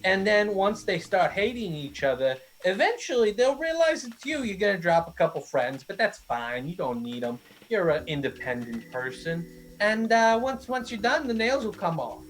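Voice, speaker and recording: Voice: mid-range voice, normal speed, close to an everyday voice. Someone playing a snide nail-shop customer service clerk. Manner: sarcastic, deadpan, improvised. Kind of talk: improvised comedy sketch.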